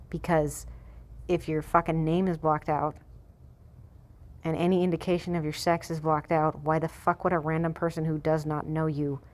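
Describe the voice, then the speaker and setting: A woman vlogger reading a web page aloud and breaking off into blunt, mocking, profane commentary. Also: deep voice.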